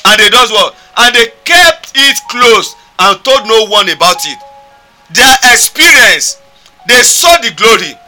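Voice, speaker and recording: Fervent Nigerian preacher, high bright voice. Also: male voice, very animated, unhurried, soft background music. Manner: fervent, emphatic, repetitive preaching. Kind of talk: sermon.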